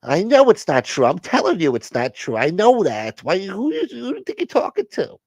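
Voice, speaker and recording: A man's voice: sits high, wildly swooping pitch, moderate pace, slightly rough, no echo, pitched above the performer's own voice, exaggerated voice. A man doing a touchy mob boss's son. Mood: indignant. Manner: touchy, defensive, exclaiming.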